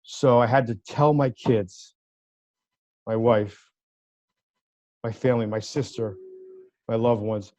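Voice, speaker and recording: A man's voice: mid-range voice, slow pace, pauses often, no room sound. A man, a lawyer, telling a personal story as an interview guest, acting out the voices of people he quotes. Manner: animated storyteller who acts out quoted voices. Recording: dry, slightly dull sound.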